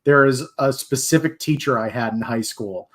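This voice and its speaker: A man's voice: mid-range voice, normal speed, fairly bright tone. A man hosting a livestream, chatting casually and enthusiastically with nerdy asides. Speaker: stream host.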